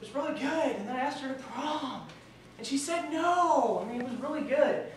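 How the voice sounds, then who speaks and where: A man's voice: very high voice, expressive, brisk. Young man, late teens, stand-up comedy, self-deprecating and awkward, very echoey hall, distant mic, faint room noise. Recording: echoey room recorded from far off, faint ambience.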